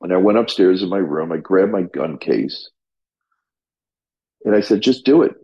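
A man's voice: sits low, measured pace, warm tone, lo-fi sound. A middle-aged man, a firefighter and paramedic, tells his story in an interview in a raw, blunt way, swearing freely and restarting his sentences.

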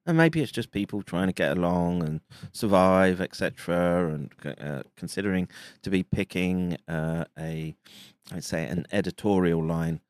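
A man delivering a monologue commentary, halting and restarting with frequent fillers. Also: low-pitched, a little mellow, smooth, dry recording.

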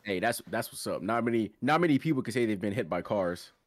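A man's voice: on the low side, expressive, quick pace, no echo. Man teasing on a podcast. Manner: teasing, joking. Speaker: podcast co-host. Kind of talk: casual banter.

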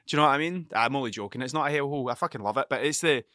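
Hungover and short on sleep, a young podcast host rambles through a casual monologue in a cluttered room at home. His mid-range voice is very fast, pushed and bright, over slight background noise. He's restless, swears constantly, and mocks himself.

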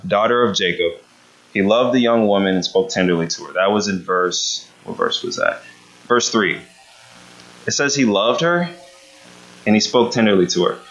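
A male preacher gives a conversational sermon, often checking in with the room by asking "right?". His voice is lowish and fairly bright, and the sound is dull and lo-fi.

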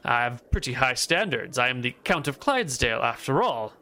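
A man's voice: mid-range voice, big pitch swings, bright, forceful tone. A man voicing a haughty, greedy nobleman count who speaks in a pompous, declaiming way. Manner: pompous, grand, slow declaiming.

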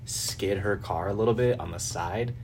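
Low-voiced man rambling a story. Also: moderate pace, a little mellow, a little hiss or hum. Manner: rambling, profane storytelling with laughs. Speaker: podcast host. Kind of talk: casual chat.

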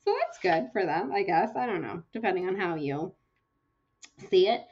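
A young woman co-hosting a casual book podcast, retelling chapters in a chatty, lively way with lots of fillers. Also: on the low side, normal speed, husky, lo-fi sound. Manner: chatty, animated storytelling with fillers. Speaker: podcast co-host.

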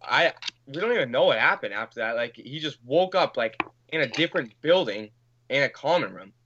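A man's voice: medium pitch, lively intonation, a little fast, highs cut off, background noise. A man telling a long anecdote in casual podcast chat, rambling with many fillers, swearing and acting out what people said. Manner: rambling, filler-heavy, swears, acts out quotes. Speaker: podcast guest. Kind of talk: casual storytelling.

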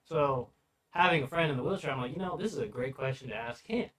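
A man's voice: mid-range voice, expressive, quick pace, a bit bright. A young man co-hosting a podcast in an easygoing way, asking questions and laughing along. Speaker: podcast co-host. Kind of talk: casual chat.

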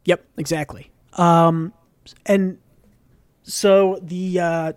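A man's voice: high-pitched, normal speed, no room sound, studio quality. A man co-hosting a podcast, casually recapping a comic book for a book club, talking with many fillers and acting out quotes. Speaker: podcast co-host.

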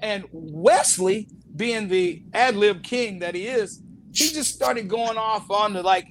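High-voiced animated storytelling man. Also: slow pace, slight background noise. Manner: lively storyteller, acts out quotes, laughs often. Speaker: actor guest telling stories. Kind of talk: animated anecdotes.

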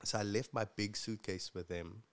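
A South African man with a lowish, steady voice speaks at a normal pace, telling his life story in a relaxed interview. He comes across as earnest and reflective, using lots of fillers, and appears as a guest who will later co-host.

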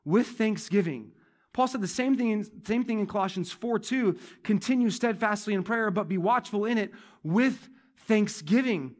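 This sermon comes from a male pastor in a church, his high voice moving at normal speed with few pauses. He talks conversationally, returns to key phrases, and veers between loud emphasis and quiet side remarks.

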